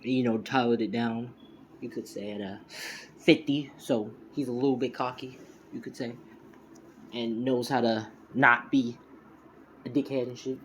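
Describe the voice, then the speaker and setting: A man's voice: medium pitch, fairly even intonation, unhurried, long pauses, fairly bright tone, slight background noise. A man casually making up a fan story as he goes, rambling and correcting himself, with a lot of fillers. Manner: rambling, heavy use of "you know" and "you could say"; self-correcting, loose and informal.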